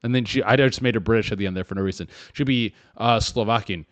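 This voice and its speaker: A young man hosting a comedy podcast, riffing casually and acting out characters in quick put-on voices. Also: on the low side, dry recording, lo-fi sound. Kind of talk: casual comic commentary.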